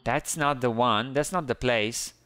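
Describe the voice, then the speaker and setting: A man giving excited, playful game commentary who squeals up high whenever he panics. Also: unhurried, clean tone, no echo. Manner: squeals high when panicked, playful kid-friendly banter. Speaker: gaming YouTuber.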